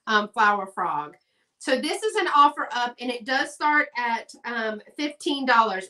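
A woman's voice: a little high, pushed and bright, recorded from a distance. A woman, hosting a live sale in a chatty, folksy way and talking to viewers in the chat. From Texas. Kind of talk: casual live-stream selling chat.

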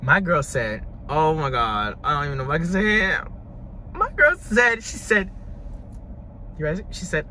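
A man talking in a dramatic, gushing reaction vlog, his voice hoarse from screaming. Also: high-pitched, sing-song, measured pace, sharp tone, a little hiss or hum. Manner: dramatic, gushing, over-the-top. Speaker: music reviewer.

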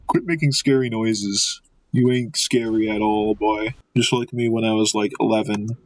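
A young man giving goofy, excitable commentary while playing a video game, joking and trash-talking the enemies. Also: lowish voice, measured pace. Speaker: gamer. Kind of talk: let's play commentary.

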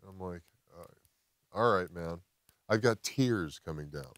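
A man, a podcast guest, telling a personal story outdoors in casual chat, animated and swearing freely. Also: deep voice, measured pace, dry recording. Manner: animated, swears a lot, acts out quotes. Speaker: podcast guest, former football player.

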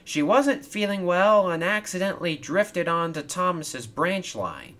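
A man's voice: high-pitched, animated, a little slow, a bit bright, pitched above the performer's own voice. A man voicing a matter-of-fact male railway workman in a toy train storybook video.

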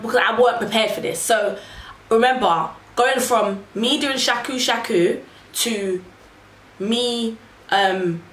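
Woman telling a story, echoey room. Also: fairly high pitch. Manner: animated, acts out quotes in raised voices. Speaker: vlogger. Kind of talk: casual storytelling to camera. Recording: echoey room, faint noise.

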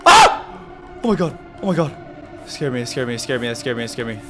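A man giving casual gameplay commentary, jumpy and excitable, yelping and muttering to himself. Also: mid-range voice, brisk, loud music behind the voice. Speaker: gaming video host.

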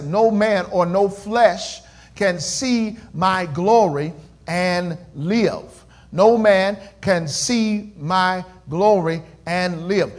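Pastor guy preaching slow, high voice, gets loud then goes real quiet. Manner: call-and-response preaching, swells loud and drops to a near murmur. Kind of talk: sermon.

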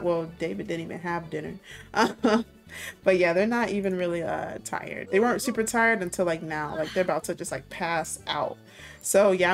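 A young woman giving casual let's-play commentary, bubbly, giggly and chatty. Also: mid-range voice. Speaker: gaming video host.

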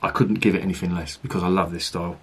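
Male beer reviewer, low gravelly register, rambling rants, casual cursing, middle-aged. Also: steady tone, fast talker. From Britain. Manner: chatty, ranting, swears casually.

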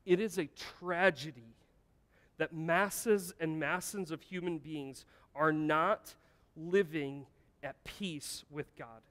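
Pastor guy preaching, high voice, slow and deliberate, big church echo. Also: fairly bright tone. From United States. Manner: earnest, emphatic preaching with rhetorical questions. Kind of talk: sermon. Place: church sanctuary. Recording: long church-hall reverb.

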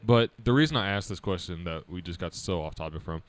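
A young man co-hosting a casual podcast chat, animated and teasing, laughing often. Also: low-pitched, quick pace, no room sound. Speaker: podcast co-host.

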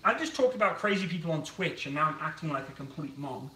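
A man's voice: a little high, very animated, quick pace, bright, forceful tone. A man chatting casually to his live-stream viewers while he cooks, rambling between topics and answering chat. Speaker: streamer cooking on camera. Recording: echoey room, mic at a distance.

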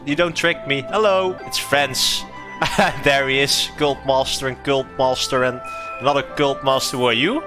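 A young man, not a native English speaker, giving casual, excitable let's-play commentary, laughing often and swearing. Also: on the high side. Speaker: streamer playing a game.

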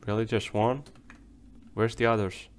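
A young man rambles through let's play commentary while gaming, talking to himself and swearing when things go wrong. His voice is on the low side and clean, with a flat, unhurried delivery.

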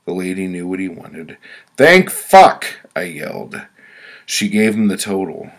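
Low gravelly man reading his own story. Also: moderate pace. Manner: blunt and profane, building frustration in the telling. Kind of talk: first-person prose reading.

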